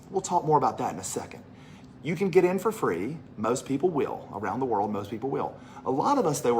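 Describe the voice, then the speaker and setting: A lively Southern man from Mississippi gives an animated sales pitch for a business opportunity to a live audience, telling stories chattily and repeating phrases for emphasis. There's a little hiss or hum.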